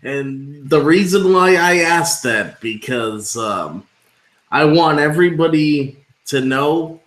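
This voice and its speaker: A man's voice: on the high side, lively intonation, takes it slowly, a bit bright. A man hosting a wrestling interview show, asking long rambling questions full of fillers. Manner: rambling, many fillers and restarts. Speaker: podcast host, interviewer. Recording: echoey room.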